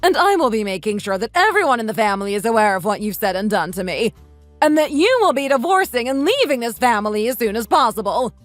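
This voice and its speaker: A bossy, scornful older mother-in-law in her sixties, put on by a woman reading a texting story. She scolds and insults in a high voice that leaps up and down. The sound is close and dry, with no room around it. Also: very animated, fast talker, no echo, soft background music. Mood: furious.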